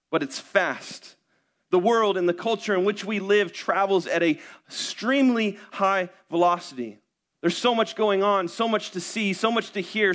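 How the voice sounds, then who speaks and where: High-voiced man preaching a conversational sermon. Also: a bit bright. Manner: conversational, self-deprecating storytelling with rhetorical questions. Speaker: pastor. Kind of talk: sermon with prayer and personal stories.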